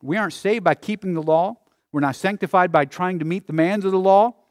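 Higher-voiced male pastor preaching. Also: a little fast, dry recording. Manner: preaching with swelling, rising emphasis and Scripture reading. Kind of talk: sermon.

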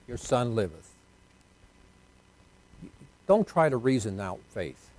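A pastor preaching a folksy sermon, swinging between loud emphatic lines and hushed ones. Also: male voice, medium pitch, expressive, a little slow, pauses often, no room sound.

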